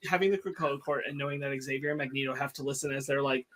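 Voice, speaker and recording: A man co-hosting a casual podcast chat, hesitant with many fillers and dropping deadpan jokes. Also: medium pitch, rapid-fire. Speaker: podcast co-host.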